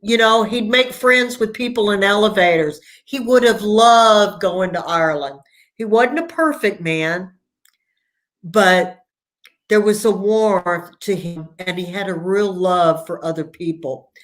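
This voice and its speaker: A woman author as a guest on a live video chat, telling family stories in a warm, storytelling way, heard over a video call. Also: medium pitch, measured pace. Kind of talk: casual interview conversation.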